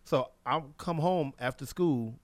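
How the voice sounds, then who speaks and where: A man casually telling a funny childhood anecdote in an animated way. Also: on the high side, takes it slowly, dry recording. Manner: lively, animated storyteller.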